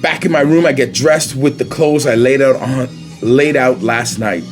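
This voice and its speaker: A man's voice: mid-range voice, moderate pace, soft background music. A man with a Caribbean accent reading his own children's picture book aloud, playful and breaking off to comment on the pictures.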